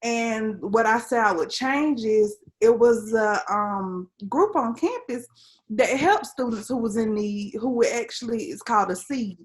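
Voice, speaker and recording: A woman's voice: on the high side, unhurried. A young adult woman, a civil engineer, speaking as an interview guest, telling her story earnestly with frequent "um" and "like". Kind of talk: casual conversational interview.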